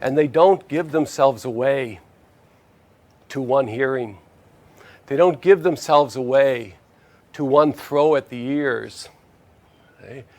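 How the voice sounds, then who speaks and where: Gravelly-voiced male spiritual teacher, easy conversational storyteller, medium pitch. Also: slow, pauses often, darkish tone. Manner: conversational, asks "see?" to check in with listeners. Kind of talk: storytelling lecture.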